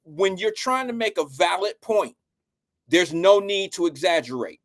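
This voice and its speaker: High-voiced laid-back male host. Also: animated, measured pace. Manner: laid-back, soothing, keeps saying he hears you. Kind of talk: casual talk show chat.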